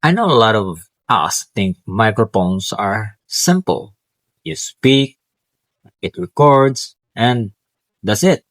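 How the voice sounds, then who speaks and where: A man's voice: lowish voice, sing-song, slow, no room sound. A male student vlogger casually and eagerly talking through his home tech, with small slips and restarts. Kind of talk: casual tech vlog talk. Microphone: clip-on wireless mic.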